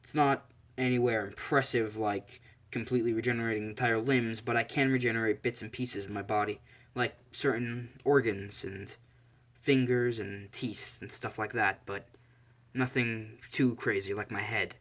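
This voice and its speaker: A man voicing a calm, stern young male assassin who lectures his class bluntly, in a casual fan story. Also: on the low side, moderate pace, close to an everyday voice. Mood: matter-of-fact.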